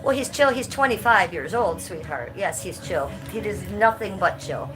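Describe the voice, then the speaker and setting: A Cleveland, US woman speaks at normal speed in an expressive, medium-pitched voice over music. Holding her phone by hand, she livestreams casually from home, heading outside into the cold and reading the chat aloud with blunt jokes and swearing.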